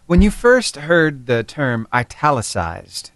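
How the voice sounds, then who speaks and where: A man's voice: medium pitch, big pitch swings, slow pace, a bit bright, no room sound. Easygoing man asking questions. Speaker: radio show host. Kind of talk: casual interview chat.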